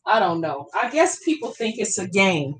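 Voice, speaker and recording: A woman's voice: medium pitch, very animated, moderate pace, breathy edge. A woman hosting a live stream, chatting casually with viewers by name and talking back to their comments in a blunt, profane, outspoken way.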